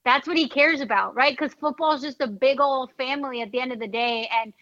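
A woman's voice: sits high, a little fast, a bit bright, no room sound. A young woman with a Bronx New York accent, chatting casually in an interview, full of fillers like "like" and "you know". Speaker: NFL team reporter and podcast host. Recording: dull, dry, slightly lo-fi sound.

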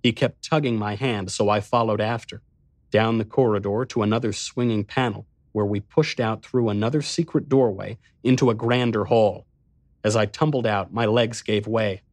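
A man giving intense first-person dramatic narration of a dark story. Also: fairly low pitch, fairly even intonation, normal speed, no room sound, clean studio sound.

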